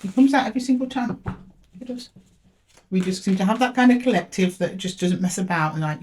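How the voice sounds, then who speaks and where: A woman reads tarot cards for her viewers in a chatty, down-to-earth way. She talks straight to the listener and calls out each card as she asks for it. Her voice sits at a middling pitch. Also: lively intonation, fairly quick, a little mellow, slight background noise. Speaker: tarot reader. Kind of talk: intuitive tarot reading to camera.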